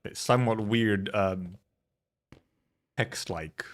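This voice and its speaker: A man's voice: fairly low pitch, slow pace. A man streaming a live read-through of a game story, reading the lines plainly and breaking off for wry, chatty asides. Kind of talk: casual live reading with commentary.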